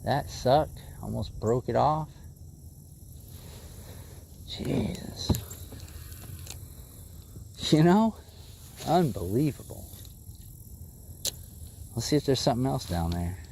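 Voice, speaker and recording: A man livestreaming bass fishing from a boat on a lake, chatting with viewers in an easygoing way and talking excitedly to the fish as he reels it in. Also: slow pace, gravelly, pauses often, slight background noise. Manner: excitable, talks to the fish and chat. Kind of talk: casual live commentary while fishing.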